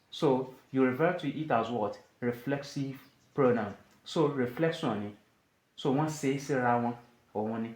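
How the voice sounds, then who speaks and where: A man's voice: fairly high pitch, a little mellow, roomy sound. A man, a Yoruba speaker, teaching an English grammar lesson and asking his listeners rhetorical questions.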